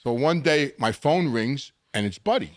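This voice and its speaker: An older man spins his stories in a lively, animated way, jumping in pitch when he acts out what people said. His voice is close and dry, with no room sound around it. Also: moderate pace, no echo. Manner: animated storyteller acting out quotes, frequent restarts. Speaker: guest. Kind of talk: storytelling interview.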